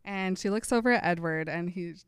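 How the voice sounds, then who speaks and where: A woman's voice: fairly low pitch, a little fast, clear, resonant tone, dry recording. A woman co-hosting a podcast, retelling scenes in casual chat, laughing often and slipping into the characters' quoted lines. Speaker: podcast co-host.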